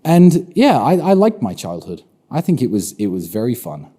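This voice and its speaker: Dark-voiced British man, assertive. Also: mid-range voice, huge pitch swings, normal speed, husky. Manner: assertive, opinionated, repeats phrases for emphasis. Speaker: interview guest. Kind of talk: conversational interview answers.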